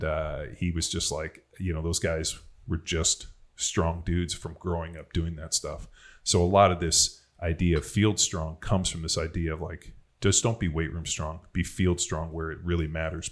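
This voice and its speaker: A former NFL player hosting a podcast chats casually, telling rambling, profane stories about football and strength. His bass voice holds a level tone at a moderate pace.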